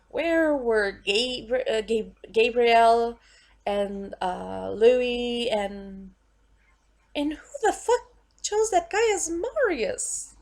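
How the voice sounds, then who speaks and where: A woman's voice: on the high side, creaky. A woman vlogger at home, ranting in an exasperated, emphatic way and swearing freely.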